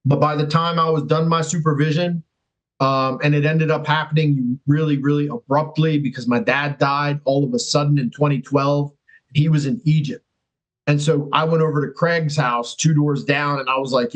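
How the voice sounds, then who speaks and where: A man's voice: on the high side, fairly even intonation, normal speed, low-quality recording. A man talking as a podcast guest, telling his story casually and animatedly, acting out quotes and swearing freely.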